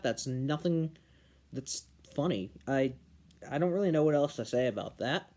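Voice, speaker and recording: A young man from New Hampshire delivers a casual opinion monologue on current politics. His voice sits a little high but sounds mellow and soft-edged. He slows down and punches individual words when he wants a point to land. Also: lively intonation. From New Hampshire, USA. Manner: earnest, emphatic on key words, slows down to stress points. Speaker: political commentary vlogger.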